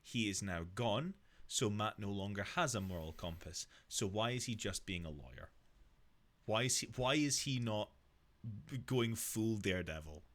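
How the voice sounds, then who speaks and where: A man's voice: lowish voice, lively intonation, moderate pace, a bit bright. A man in a casual podcast chat, giving critical opinions with repeated false starts. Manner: critical, hesitant, repeats words. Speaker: podcast co-host.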